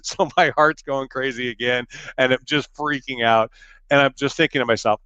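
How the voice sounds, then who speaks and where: A man's voice: mid-range voice, brisk, pushed and bright, clean tone, no echo, dull audio. A middle-aged man giving an education webinar talk, a chatty storyteller with self-deprecating humor and frequent fillers. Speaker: education presenter. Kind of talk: webinar talk with personal anecdotes.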